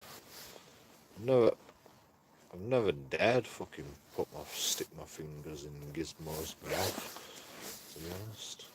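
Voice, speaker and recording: A man's voice: extremely low pitch, slow pace, pauses often, background noise. A man streaming casually, coaxing his dogs in a singsong voice, swearing and making mock threats. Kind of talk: casual chat with his pets.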